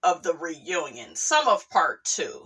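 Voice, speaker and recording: A woman hosting a casual gossip commentary, chatty and quick to laugh, often saying "honey" and "okay". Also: lowish voice, big pitch swings, a bit bright, slightly rough. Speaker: host.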